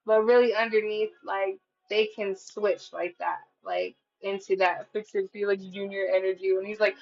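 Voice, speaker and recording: A woman gives a tarot reading in a loose, chatty way, cursing often and filling her sentences with "like". Her voice sits at an ordinary pitch for a woman. The recording sounds a little dull and lo-fi. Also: steady tone, moderate pace, a little mellow. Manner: casual and profane, chatty with frequent "like". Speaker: tarot reader.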